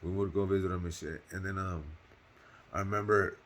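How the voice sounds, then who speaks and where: A man's voice: sits low, fairly even intonation, brisk, a bit bright. A man casually telling a personal story on his channel, in loose slang with cursing and lots of fillers, earnest and heartfelt.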